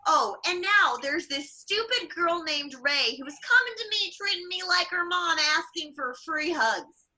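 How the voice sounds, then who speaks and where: A woman's voice: very high voice, lively intonation, measured pace, bright, forceful tone, exaggerated voice. A woman comedian playing a jaded middle-aged space princess and mother, griping in a sardonic stand-up set. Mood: weary griping. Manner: sardonic, griping, mock-weary asides. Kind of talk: in-character stand-up. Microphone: livestream mic.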